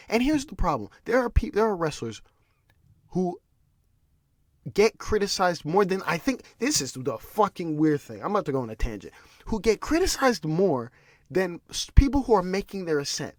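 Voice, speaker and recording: A man's voice: on the high side, sing-song, moderate pace, no echo, clean studio sound. A man hosting a podcast, ranting in casual solo commentary with restarts and repeated words. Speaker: podcast host.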